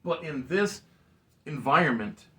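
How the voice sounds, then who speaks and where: A man narrating a wrestling match in casual play-by-play chat, acting out wrestlers' lines in animated storytelling. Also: fairly high pitch, unhurried. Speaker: co-host, game narrator.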